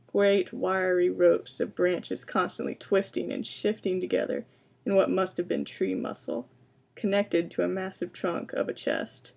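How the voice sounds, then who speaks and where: Woman reading aloud with a gravelly voice. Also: lowish voice, a little mellow. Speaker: library science student presenting books. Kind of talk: booktalk presentation with read-aloud excerpts.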